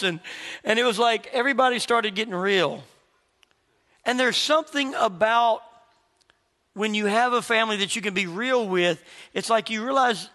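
A man preaching a sermon as pastor, telling personal stories in an animated way and acting out the voices of the people he quotes. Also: sits high, normal speed, long reverb tail.

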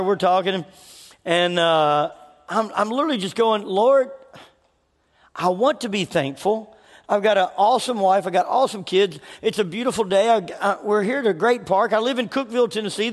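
A man preaching a sermon in a church, telling personal stories in a conversational way with frequent restarts. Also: sits high. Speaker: pastor. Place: church hall. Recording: reverberant hall.

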